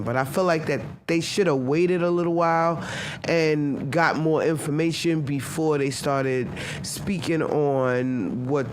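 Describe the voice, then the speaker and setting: A woman's voice: deep voice, a little hiss or hum. Brief: woman podcast host, casual, blunt, ranting, talks back to her chat. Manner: animated, talks back to chat, many restarts. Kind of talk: casual live-stream commentary.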